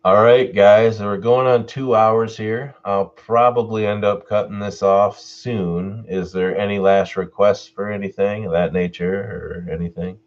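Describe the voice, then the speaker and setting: A man with a lowish voice chats at an unhurried pace, swinging his pitch freely as he laughs his way through requests. He talks to his viewers in a relaxed, casual manner. The sound is dull and lo-fi, from a home mic. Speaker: YouTube horror story narrator. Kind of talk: casual Q&A chat.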